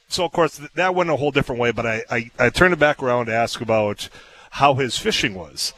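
A man's voice: mid-range voice, lively intonation, fast talker, fairly bright tone, slight background noise, poor audio. A man hosting a talk radio show, chatting casually and telling stories with frequent fillers and laughs, in a radio studio. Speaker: radio host.

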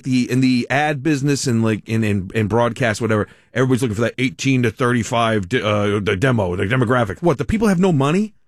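A man's voice: mid-range voice, no room sound, clean studio sound. A man hosting a talk radio show, riffing in a rambling, sardonic way and laughing at his own jokes. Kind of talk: casual radio monologue.

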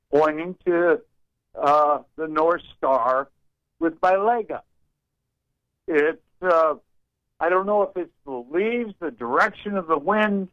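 A man's voice: a little high, a bit bright, no echo. An older man calling in to a talk radio show, rambling along in a folksy way with colorful sayings. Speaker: radio caller. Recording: muffled phone line.

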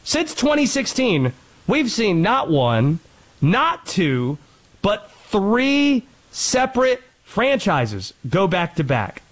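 Sports host, brisk talker, rattles stats with a high, lively voice. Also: male voice, poor audio. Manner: animated, quick rattling off of stats. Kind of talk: sports commentary monologue.

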